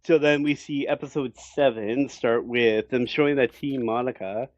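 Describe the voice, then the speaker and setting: A man co-hosting a casual anime review podcast, animated, acting out characters' lines and laughing a lot. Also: medium pitch, moderate pace, highs cut off. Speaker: co-host.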